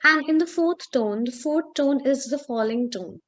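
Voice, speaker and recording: Slow-speaking woman tutoring Chinese. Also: high-pitched. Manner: slow, explanatory, with pauses and fillers. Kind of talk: online language lesson.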